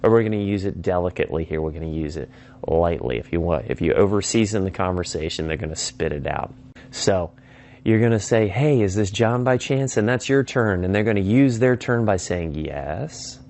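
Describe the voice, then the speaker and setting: A man with a fairly low voice explains sales persuasion in a relaxed teaching style. He keeps breaking off to act out sample phone calls, switching voices for each side. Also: brisk. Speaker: sales trainer. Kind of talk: instructional talk.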